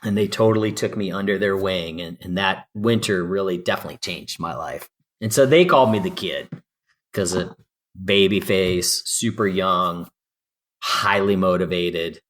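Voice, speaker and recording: A man in his fifties, from California, telling lively stories as a podcast guest and acting out quoted dialogue. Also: sits low, moderate pace. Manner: animated storyteller, acts out quoted dialogue. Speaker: guest climber. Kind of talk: storytelling interview.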